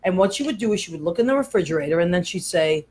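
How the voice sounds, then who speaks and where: An older woman hosting a casual chat show, telling lively stories with lots of fillers. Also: lowish voice, very fast. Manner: chatty, animated storyteller. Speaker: host.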